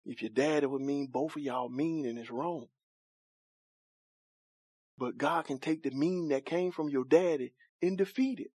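A male preacher delivers a lively sermon, firing questions at his congregation and joking in folksy church vernacular. His voice sits high for a man. The sound is close and dry. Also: measured pace, long pauses, husky, no echo. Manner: call-and-response with congregation, laughing, questioning.

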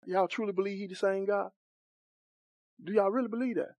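A man's voice: sits high, fairly even intonation, fairly quick, a little mellow, no echo. A man preaching a sermon, questioning and bantering with his congregation in folksy church vernacular, often laughing.

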